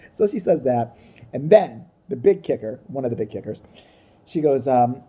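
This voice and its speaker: A woman's voice: extremely low pitch, expressive, moderate pace, dark tone, slightly rough. A woman ranting in a crude, mocking comedic style, acting out the people she talks about. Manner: crude, mocking, acts out voices. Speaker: comedic commentator. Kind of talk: profane comedic rant.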